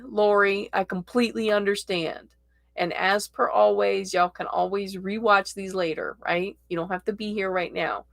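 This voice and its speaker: A woman hosting a casual tarot livestream, chatting in a slow, gently encouraging way and reading viewer comments aloud. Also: mid-range voice, gravelly, no echo.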